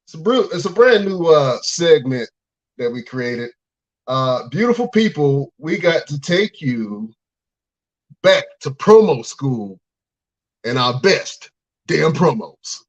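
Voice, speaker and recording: A man hosting a wrestling podcast segment, hyping up his guests in an excitable way. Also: a little high, slow pace, no echo, lo-fi sound. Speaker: podcast host.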